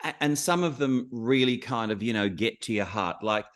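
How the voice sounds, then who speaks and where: An interviewer asking a guest questions in an engaged, expressive way. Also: medium pitch, normal speed.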